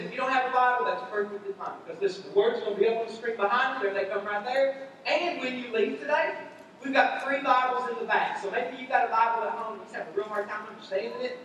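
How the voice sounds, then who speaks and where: A man's voice: extremely high pitch, a bit bright, slight background noise. A man preaching a sermon as a pastor, talking conversationally and repeating his points for emphasis, in a large church auditorium. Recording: echoey hall, heard from far off.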